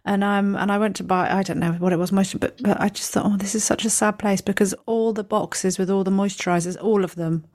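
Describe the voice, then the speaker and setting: A woman hosting a casual chat, teasing her guest and telling lively anecdotes. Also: mid-range voice, fairly quick, few pauses. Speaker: host.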